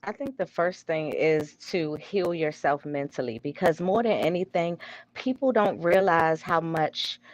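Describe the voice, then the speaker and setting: A woman's voice: low-pitched, measured pace, rough recording. A woman in her forties, a doctor guest on a talk show, speaking frankly and with humor. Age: 40s. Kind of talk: casual talk show chat.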